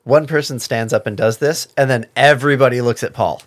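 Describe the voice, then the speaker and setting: A man co-hosting a podcast, recapping a miniseries in measured, thoughtful casual chat with hesitant fillers. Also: mid-range voice, dry recording. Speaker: podcast co-host.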